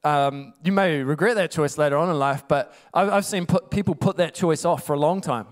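Male preacher, casual sermon, frequent laughter, fairly high voice. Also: a little fast. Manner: chatty, laughing often, rhetorical asides.

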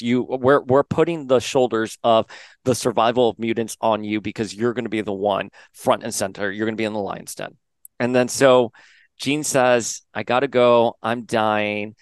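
A man's voice: fairly low pitch, clean tone, no room sound. A man hosting a podcast, casually recapping a comic story and paraphrasing the characters' lines in a chatty way. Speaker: podcast host.

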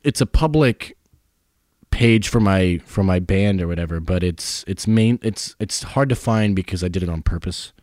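Musician guest, very low male voice, relaxed rambling delivery, dry sound. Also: moderate pace, dry recording. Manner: laid-back, lots of fillers like "like". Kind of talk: casual chat.

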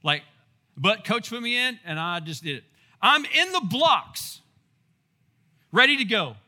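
A man preaching a sermon as pastor, animated and storytelling with asides and rhetorical questions. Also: high voice, a little slow. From Texas.

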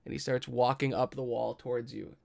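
A man narrating as game master of a tabletop game, measured and deliberate, with the odd swear. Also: medium pitch, level tone, creaky, darkish tone.

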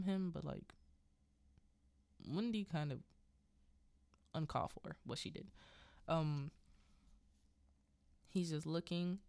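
A woman hosting a podcast, retelling a film in chatty, animated storytelling with asides. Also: sits low, creaky, no room sound. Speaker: podcast host. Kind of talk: casual film recap.

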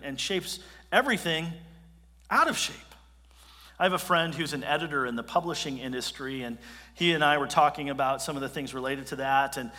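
A man's voice: a little high, bright, forceful tone, big-room sound. A male pastor preaching a sermon in a casual, conversational way, often restarting his phrases.

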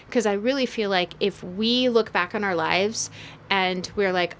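A woman's voice: mid-range voice, takes it slowly, a bit bright. A young adult woman co-hosting a podcast, talking in a thoughtful casual way and often stopping to search for words. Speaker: podcast co-host. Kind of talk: casual chat.

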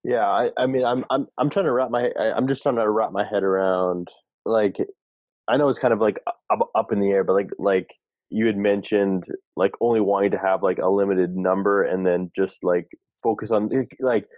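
A man's voice: fairly low pitch, fairly even intonation, normal speed, darkish tone, no room sound, muffled recording. A man on a team talking through ideas in a meeting, hesitant and full of restarts. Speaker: team member. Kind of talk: casual meeting discussion.

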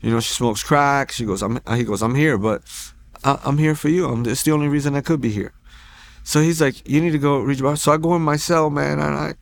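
A man telling his personal faith testimony at a church, in a casual, animated storytelling way that acts out quoted lines, with frequent restarts. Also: a little high, fast talker, vocal fry. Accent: Texan. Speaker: testimony speaker.

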